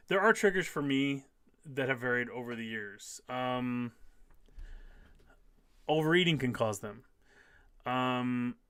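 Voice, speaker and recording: A man's voice: medium pitch, fairly bright tone, smooth, no room sound, studio quality. A man in his fifties hosting a casual live stream, reading viewer comments aloud and answering them emphatically, often repeating key phrases. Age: 50s.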